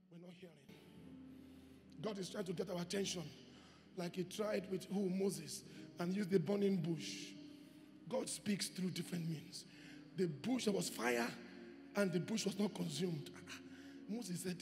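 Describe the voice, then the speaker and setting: High-pitched gravelly preacher in a hall. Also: male voice, big pitch swings, moderate pace. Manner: emphatic preaching, rising to shouts, quoting voices. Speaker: pastor. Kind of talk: sermon. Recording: reverberant hall with faint music.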